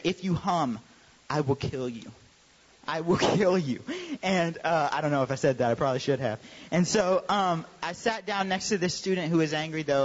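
A young adult man, a youth pastor, telling a lively story in a sermon and acting out the voices of the people in it. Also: on the high side. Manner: animated storyteller, acts out quoted voices. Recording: dull sound with long hall reverb.

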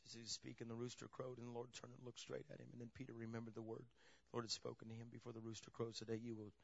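A man preaching a sermon, telling the story in a lively way that swings from loud emphasis to a hushed near-whisper. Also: medium pitch, rapid-fire, vocal fry. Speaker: pastor. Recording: dull lo-fi sound.

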